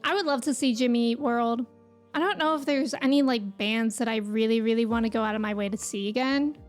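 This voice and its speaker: A high-voiced young woman chats casually with her live audience, reading out their comments and giggling often. Soft music plays faintly underneath. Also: steady tone, a little fast. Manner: chatty, giggly, reads out viewer comments. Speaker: streamer. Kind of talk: casual chat with live viewers.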